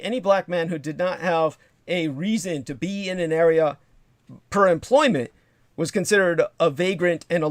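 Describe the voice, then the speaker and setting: Profane rambling livestream host, dry close sound. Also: male voice, fairly high pitch, dry recording. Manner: digressive, profane, reads chat comments aloud. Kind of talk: rambling monologue storytelling.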